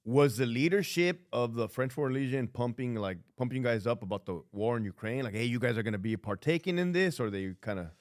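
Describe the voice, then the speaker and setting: A man's voice: medium pitch, fairly quick, hardly any pauses. A man hosting a podcast, asking questions and reacting in an eager, slangy way. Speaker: podcast host. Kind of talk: casual podcast chat.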